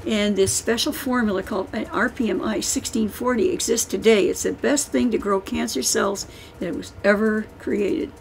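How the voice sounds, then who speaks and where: A woman's voice: medium pitch, fairly even intonation, normal speed, gravelly, hardly any pauses, slight background noise, rough recording. An older woman, an author, talking casually and emphatically to an audience, rambling and restarting as she goes. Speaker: author giving a book-signing talk.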